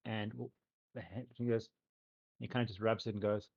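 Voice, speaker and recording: A man's voice: lowish voice, steady tone, moderate pace, vocal fry, a little mellow, slightly rough. A man running a tabletop game as game master, describing scenes loosely with many fillers and hedges. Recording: dull lo-fi recording.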